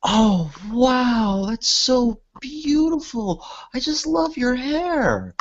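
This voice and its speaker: A man voicing an excitable, cheerful young girl in a hospital bed, gushing and squealing in a high falsetto. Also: drawn-out words, muffled recording, exaggerated voice.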